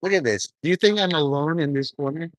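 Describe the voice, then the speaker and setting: A man's voice: a little high, fast, a little hiss or hum. A man giving a rambling, profane, stream-of-consciousness monologue to his viewers. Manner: profane, stream-of-consciousness, drifting between topics.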